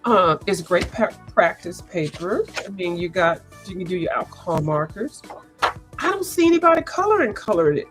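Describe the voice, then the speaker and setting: A woman, chatting casually and rambling as she hosts a coloring livestream, sounding congested and clearing her throat. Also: fairly low pitch, big pitch swings, normal speed, faint music behind. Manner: chatty, rambling, lots of asides and restarts. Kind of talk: casual chat.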